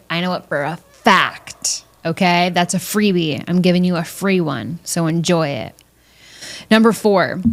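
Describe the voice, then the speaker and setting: Woman podcast host, lower voice, casual monologue, profane and jokey, mimics relatives with squeaky put-on voices. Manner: blunt, profane, jokey, mimics family members in high voices.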